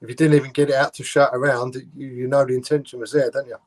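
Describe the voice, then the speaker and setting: A man's voice: mid-range voice, little pitch movement, fast. A man hosting a casual podcast interview, asking short questions and chiming in with brief agreements. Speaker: podcast host.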